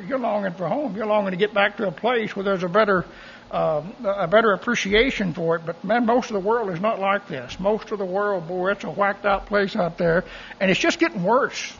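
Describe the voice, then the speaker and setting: Pastor, man, punchy bright tone, joking asides, muffled lo-fi sound. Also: high voice, a little hiss or hum. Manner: folksy, animated, joking asides. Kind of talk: sermon.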